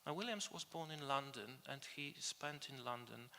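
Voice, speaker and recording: Hesitant gravelly man lecturing in a hall. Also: mid-range voice, bright, forceful tone. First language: Polish. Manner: hesitant, many filled pauses and restarts. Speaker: conference lecturer. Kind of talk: academic conference talk. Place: conference hall.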